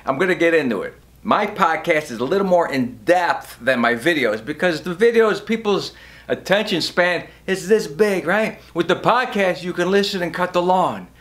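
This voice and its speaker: A man's voice: on the high side, lively intonation, normal speed, a bit bright. A man vlogging straight to camera about his podcast, emotional and imploring, raising his voice now and then. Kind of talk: casual direct-to-camera vlog. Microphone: camera facing him.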